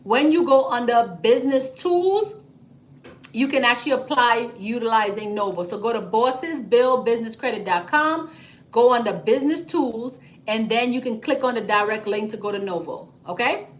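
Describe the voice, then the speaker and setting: A woman hosts a casual livestream, talking straight to her viewers. Her voice sits a little high, and she speaks emphatically, often checking in with "okay?" and "y'all.". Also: normal speed. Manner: chatty and emphatic, frequent "okay?" and "y'all", animated storytelling. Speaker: livestream host, business credit coach. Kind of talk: casual livestream talk reading viewer comments.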